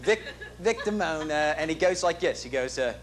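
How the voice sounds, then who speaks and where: A man performing a one-man show plays a boastful, talkative working-class dad in a comic stage monologue, rambling along in street slang and bad grammar. The delivery is lightly acted, animated and at a moderate pace in a fairly high voice, with a little hiss or hum.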